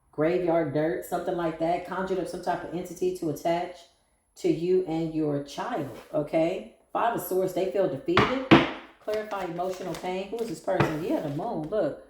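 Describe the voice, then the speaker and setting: A sassy woman reads tarot cards and talks straight to her listener. Her delivery is blunt and slangy. Her voice is mellow and darker in tone, and it sits in an echoey room. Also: on the low side, slight background noise. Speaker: tarot reader. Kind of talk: casual tarot reading monologue.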